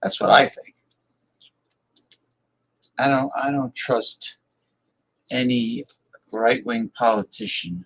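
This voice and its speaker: Slow-talking blunt male political host. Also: medium pitch, steady tone, fairly bright tone, low-quality recording. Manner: blunt, emphatic, repeats words for effect. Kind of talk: casual political commentary, reading viewer messages.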